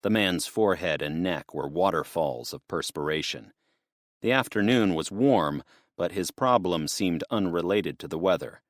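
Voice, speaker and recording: A man narrating an audiobook in a steady, measured storytelling manner. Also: sits low, dry recording, clean studio sound.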